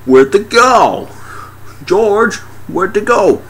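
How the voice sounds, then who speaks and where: A man voicing a menacing tentacled alien monster in a mocking, droning monotone. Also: high voice, extremely slow, husky, voice pushed up, full character voice.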